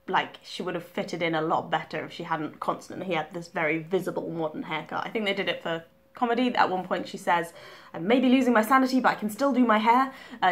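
A young woman talking casually about her reading, chatty and full of ums and restarts. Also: lowish voice. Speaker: book vlogger.

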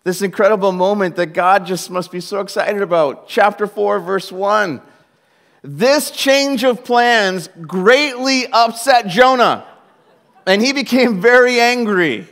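A man preaching a sermon in a conversational, animated way, mixing jokes with storytelling. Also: sits high, measured pace. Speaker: pastor.

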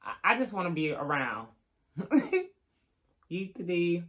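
A woman's voice: lowish voice, expressive, a little fast, a bit bright. An older woman, chatting casually on a live stream and reading out viewer names with teasing asides. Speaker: vlogger giving live shout-outs.

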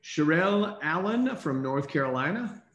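Guy hosting a group call, cheery, a bit high voice, roomy echo. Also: expressive, a bit bright, muffled recording. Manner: upbeat, reads names briskly. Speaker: host. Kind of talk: casual call recognition.

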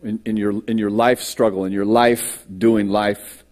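A man's voice: lowish voice, level tone, a little slow, a little mellow. A man pastor delivering a sermon at a church service, reading scripture and preaching with dramatic swings in his voice. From United States.

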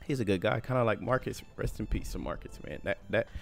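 A male gaming host talks through his game in a loose, rambling way and cracks jokes as he goes. His voice is very low, and faint music plays under his commentary. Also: fast, creaky. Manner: chatty, rambling, jokey. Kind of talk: casual gameplay commentary.

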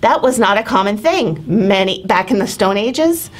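A woman's voice: medium pitch, lively intonation, normal speed. A woman who grew up in Tennessee, a guest telling stories in a casual podcast chat.

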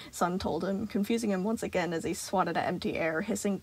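A woman narrating a fan fiction story in a calm, even voice. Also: medium pitch, a little fast, few pauses, dry recording.

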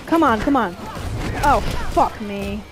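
A woman's voice: a little high, lively intonation, slow, music in the background. A woman playing a fighting game and commenting casually, frustrated and swearing constantly at the game. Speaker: gamer streaming a playthrough.

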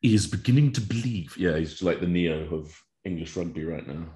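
Male co-host, very low voice, relaxed and blunt. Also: a little fast. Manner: laid-back, blunt banter. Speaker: co-host, rugby prop. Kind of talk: casual chat.

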